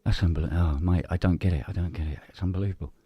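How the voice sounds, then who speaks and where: A man telling a long joke in casual chat, animated and jumping into high voices for the people in it. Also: racing, slightly rough, no echo, dull audio. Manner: animated storyteller, swings into high voices for characters. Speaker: co-host.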